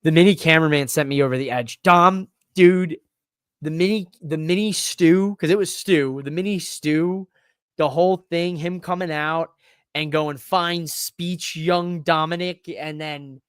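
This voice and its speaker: A man hosting a podcast alone, talking in an excitable, rambling way that swears freely. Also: a little high, moderate pace, clean tone, no room sound, clean studio sound. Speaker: podcast host. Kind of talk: casual solo wrestling recap.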